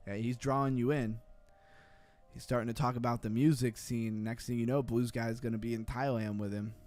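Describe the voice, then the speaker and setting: A man's voice: medium pitch, fairly even intonation, a little fast, darkish tone. A man hosting a livestream, giving blunt, skeptical commentary and reacting to viewer comments in a casual chat. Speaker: crypto livestream host.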